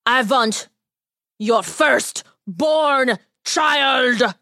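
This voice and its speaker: A woman voicing a tiny bearded male magical trickster who speaks slowly and solemnly. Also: sits high, lively intonation, sharp tone, dry recording, studio quality, pitched above the performer's own voice, exaggerated voice.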